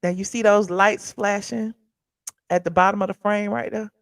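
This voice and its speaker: A woman's voice: mid-range voice, steady tone, normal speed, gravelly, no room sound, studio quality. A woman hosting a casual commentary show, chatting loosely and reacting to viewers and a video as she talks. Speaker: host of a pop culture commentary channel.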